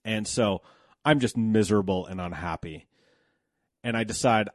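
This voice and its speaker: A man's voice: on the low side, moderate pace, no room sound, studio quality. A man in his thirties telling a candid personal story about work, blunt and profane, growing heated when indignant.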